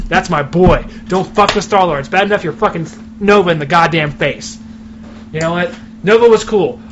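Brief: fired-up podcast co-host, man, swears constantly, slightly high voice, muffled recording with hiss. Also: normal speed. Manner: ranting, heavy swearing. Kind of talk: casual profane chat. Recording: muffled recording with clear background noise.

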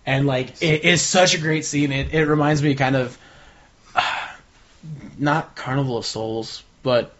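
A man's voice: mid-range voice, steady tone, unhurried, fairly bright tone. A man chatting casually on a podcast, retelling a TV episode with energy and acting out the characters' lines. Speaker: podcast co-host. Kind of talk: casual chat recapping a TV episode. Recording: dull lo-fi sound.

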